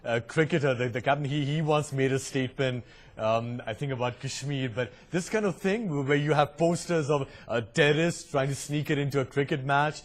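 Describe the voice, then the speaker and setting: A male news anchor moderating a TV panel debate, brisk and prompting, with fillers between questions. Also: medium pitch.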